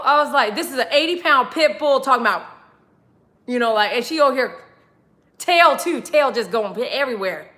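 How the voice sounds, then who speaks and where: A high-voiced woman tells a story on a casual livestream. She laughs a lot and jumps her voice up to act out the dialogue. Her tone is bright and forceful. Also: normal speed. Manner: animated, laughing, acts out dialogue with big pitch jumps. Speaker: pet groomer telling a story to viewers.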